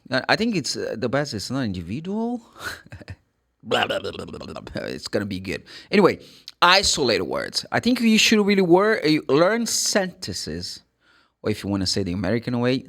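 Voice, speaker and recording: A man's voice: mid-range voice, gravelly, a bit bright. A man with a Brazilian Portuguese accent teaching English pronunciation in a chatty, jokey way, repeating phrases and laughing at himself. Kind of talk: casual online pronunciation lesson.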